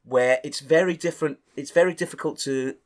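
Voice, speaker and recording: A man's voice: on the high side, a little fast. A man co-hosting a comic podcast who fires off questions, swears freely, and rambles earnestly about acting. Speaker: podcast co-host.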